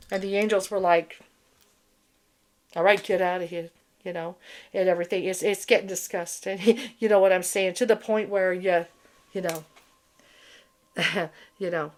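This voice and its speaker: A woman hosting a spiritual channel, talking in a rambling, blunt unscripted monologue with swearing and frequent restarts. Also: lowish voice.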